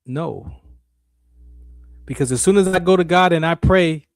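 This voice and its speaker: A man's voice: a little high, unhurried, vocal fry, no room sound, clean studio sound. A man hosting a radio show, giving an emphatic, repetitive faith talk monologue in a preacher-like way.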